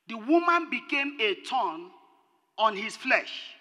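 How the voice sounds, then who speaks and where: A woman pastor delivers a fervent sermon, her voice leaping between loud shouted lines and hushed low phrases. Her pitch moves in lively swings, and a long hall reverb trails every word. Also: slow pace. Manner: impassioned preaching, swinging between shouted peaks and low drops.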